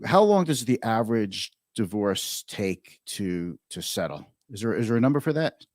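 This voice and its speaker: A man's voice: lowish voice, big pitch swings, moderate pace, dry recording. Man asking questions, dry sound. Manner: conversational, repeats himself while thinking. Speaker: livestream host. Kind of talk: interview chat.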